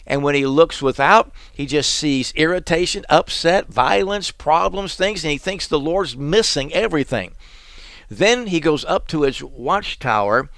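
A man's voice: fairly high pitch, a bit bright, dry recording, clean studio sound. A male pastor giving a radio Bible teaching, earnest and plain-spoken, acting out the prophet's words as he explains them.

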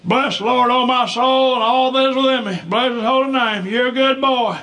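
A man voicing his loud, hard-of-hearing father in his seventies, a deacon who booms while he thinks he is whispering. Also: steady tone, moderate pace. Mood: booming blessing. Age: 70s.

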